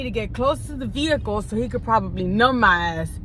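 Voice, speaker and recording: Woman, casual storyteller, street slang and cursing, phone in a car, clear road noise. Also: on the high side, fairly quick, hardly any pauses, rough recording. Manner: animated, profane, street slang. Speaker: vlogger telling a story. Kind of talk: casual storytime while driving. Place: inside a moving car. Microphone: phone camera.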